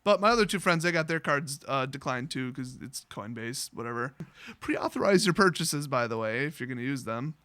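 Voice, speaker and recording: A man's voice: medium pitch, lively intonation, moderate pace, pushed and bright, clean tone. A man telling a storytime vlog, rambling and exasperated, acting out quoted dialogue with a phone agent. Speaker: card collecting YouTuber.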